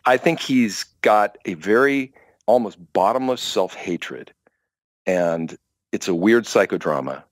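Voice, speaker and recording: A man being interviewed as a guest author, speaking in an animated, expressive way in a casual podcast conversation. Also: lowish voice, a little slow, no room sound, clean studio sound.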